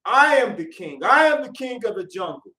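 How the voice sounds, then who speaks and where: A proud lion king of the jungle, put on by a man telling a story. He boasts in slow, drawn-out words, a little higher than the teller's everyday voice. The voice rings through a roomy space, picked up from a distance. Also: very animated, sharp tone, full character voice. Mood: boastful. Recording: roomy echo, mic at a distance.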